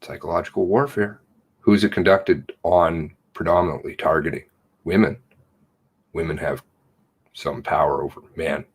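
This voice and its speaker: A man's voice: low voice, fairly even intonation, normal speed, long pauses, breathy edge. A man hosting a casual commentary livestream, greeting viewers from the chat by name and ranting with indignation. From Canada. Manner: indignant ranting, reads chat names aloud. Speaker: livestream host.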